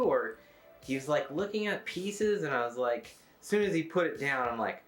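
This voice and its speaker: A man's voice: a little high, lively intonation, normal speed, fairly bright tone, slight background noise. A man in an interview, telling a shared story in a friendly way, often laughing. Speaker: interviewee, tape collector. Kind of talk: casual storytelling. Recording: roomy echo.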